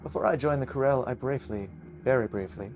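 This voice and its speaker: A man voicing a pompous, wistful male character from a visual novel, with a drawn-out, grand delivery. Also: mid-range voice, gravelly, darkish tone, slight background noise, close to an everyday voice. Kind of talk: reading a visual novel aloud.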